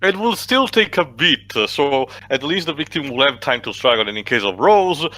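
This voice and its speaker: A man's voice: medium pitch, animated, moderate pace, pushed and bright. A man co-hosting a casual watch-along commentary, wry and playful, laughing often. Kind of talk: casual chat.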